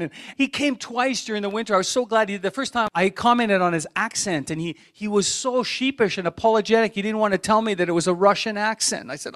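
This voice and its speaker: High-voiced man preaching conversationally. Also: fairly bright tone. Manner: conversational, digressive storytelling preaching. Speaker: pastor. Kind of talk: sermon.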